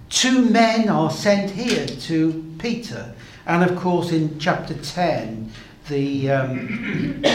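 A man preaching a sermon, expounding Bible passages slowly and turning to the congregation with asides. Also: a little high, a little hiss or hum. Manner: slow, measured Bible exposition with asides to the congregation. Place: church hall. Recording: echoey hall, faint ambience.

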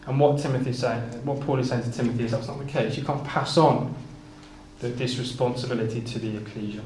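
A man's voice: mid-range voice, fairly even intonation, a little fast, a little mellow. A man preaching a Bible exposition sermon, reading King James scripture aloud and stumbling over repeated words as he explains it. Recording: echoey room with faint ambient noise.

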